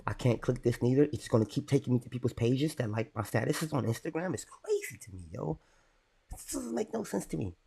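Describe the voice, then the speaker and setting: A man's voice: medium pitch, very animated, fairly quick, gravelly, mellow, breathy edge. A young man on a casual livestream, rambling and irritated as he talks to his chat. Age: young adult.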